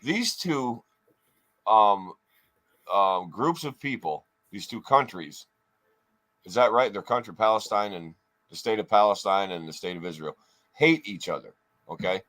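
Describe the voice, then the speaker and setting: A man's voice: on the low side, moderate pace, a bit bright. A man co-hosting a podcast in casual chat, rambling with lots of swearing and restarts. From New York State. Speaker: podcast co-host.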